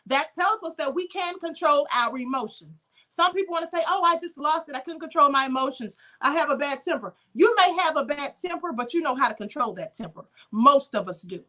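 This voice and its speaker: A woman's voice: high-pitched, bright, forceful tone. A woman hosting an inspirational live stream, speaking emphatically and preachily to her viewers, thanking them for comments and calling them beloved. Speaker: livestream host.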